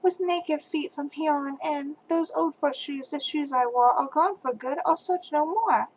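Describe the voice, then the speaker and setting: A grandma reading a lost young horse. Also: female voice, fairly high pitch, unhurried, slight background noise, close to an everyday voice, poor audio. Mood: forlorn. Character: sad young male horse searching for shoes.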